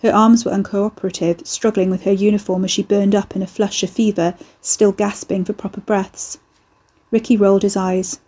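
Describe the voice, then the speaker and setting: Woman, audiobook narrator, husky tone, mellow, steady storytelling. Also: mid-range voice, normal speed. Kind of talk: scripted narration.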